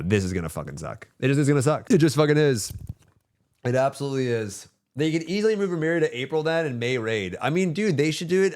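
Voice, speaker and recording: A young man on a livestream rants casually, swears a lot, and swings between grumbling and hyped excitement. His mid-range voice comes through clean and studio-like, with no room sound.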